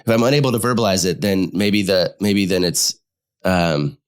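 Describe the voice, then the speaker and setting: Low-voiced male therapist, animated. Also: moderate pace, clear, resonant tone. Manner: animated, acts out couples' dialogue when explaining. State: sick. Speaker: marriage therapist and podcast co-host. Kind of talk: casual conversational podcast chat.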